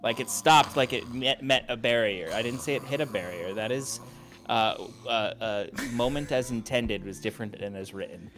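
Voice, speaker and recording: A man co-hosting a podcast and running the game, chatting casually with many halting restarts and jokes. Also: medium pitch, over music. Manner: halting, hesitant, joking. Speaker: podcast co-host, game master. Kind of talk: casual recap chat.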